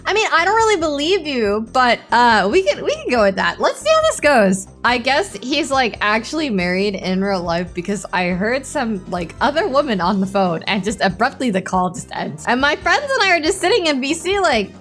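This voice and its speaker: A young woman telling a storytime as a VTuber, dramatic and animated, laughing often. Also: a little high, moderate pace, hardly any pauses, faint music behind.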